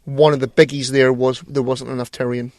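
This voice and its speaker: A man's voice: mid-range voice, flat delivery, brisk, darkish tone, no echo. A man co-hosting a podcast in a small studio, talking casually about TV with emphatic, sometimes sweary remarks. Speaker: podcast co-host. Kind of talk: casual film chat.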